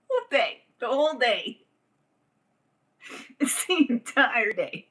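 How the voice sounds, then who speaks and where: A woman's voice: fairly high pitch, big pitch swings, takes it slowly, a bit bright, breathy edge, poor audio. A woman hosting a livestream, ranting casually in a profane, rambling way and laughing often. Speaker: livestream host.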